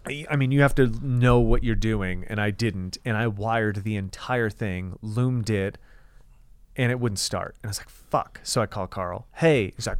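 A man's voice: medium pitch, moderate pace, no echo. A man co-hosting a podcast, telling a long profane story in casual chat and acting out the people in it. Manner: profane, animated storyteller quoting others. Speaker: podcast co-host.

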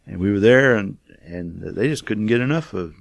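Gravelly low-voiced older missionary man. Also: expressive, moderate pace, dry recording. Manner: folksy, rambling with many fillers. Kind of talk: casual storytelling testimony.

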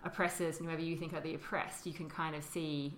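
Speaking quickly in a deep, somewhat bright voice with little pitch movement, this podcast co-host chats casually about history, filling in with verbal fillers and frequent laughs. A roomy echo and a little hiss or hum color the recording.

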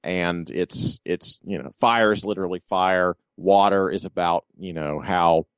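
A man co-hosting a podcast, explaining something casually and haltingly with many pauses. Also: deep voice, fairly even intonation, clear, resonant tone, dry recording, lo-fi sound. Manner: halting, lots of ums and uhs while explaining. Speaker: podcast co-host. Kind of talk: casual chat.

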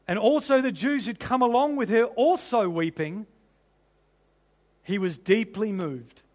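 A man preaching a sermon as pastor, conversational, with rhetorical questions to the congregation. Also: high voice.

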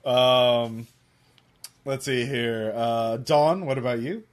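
A man narrating as game master, rambling with many fillers and pauses. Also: medium pitch.

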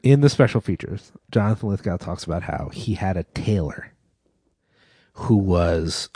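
A man co-hosting a film podcast, telling stories in an excitable, animated way and swearing freely. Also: low-pitched, normal speed, husky, no echo, studio quality. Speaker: podcast co-host. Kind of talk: casual film discussion.

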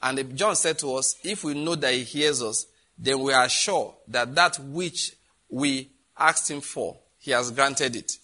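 A man's voice: mid-range voice, unhurried, pushed and bright. A man preaching a sermon, reading scripture aloud and asking the congregation questions.

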